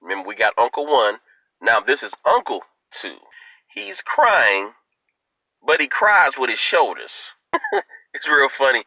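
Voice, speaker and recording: Animated man telling a funny story. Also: mid-range voice, unhurried, long pauses, breathy edge, no room sound, rough recording. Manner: animated, playful, addresses viewers directly. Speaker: video host. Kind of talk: comic storytelling vlog.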